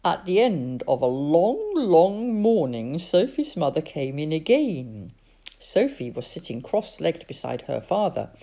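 A woman reading a children's story aloud in an expressive, lively way. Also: low-pitched, measured pace. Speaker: narrator.

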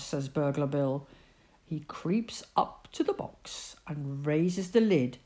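A woman reading a children's storybook aloud in an expressive, sing-song way. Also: low voice, slow pace.

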